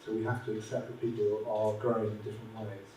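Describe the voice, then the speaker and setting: A man's voice: on the low side, little pitch movement, fast talker, dark tone. A man at a conference chatting informally and telling a joke in a chatty way. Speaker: speaker at conference. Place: university conference room. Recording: roomy, distant, faint noise.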